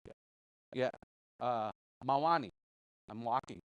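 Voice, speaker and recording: A man's voice: mid-range voice, measured pace, clear, resonant tone, no echo, dull audio. A man teaching a casual language class, patiently repeating words and chuckling often.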